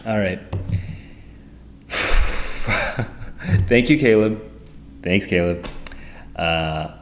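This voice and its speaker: Low-voiced man rambling through a live tutoring stream. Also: slight background noise. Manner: excitable, rambling, thinks aloud. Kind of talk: live-streamed test walkthrough.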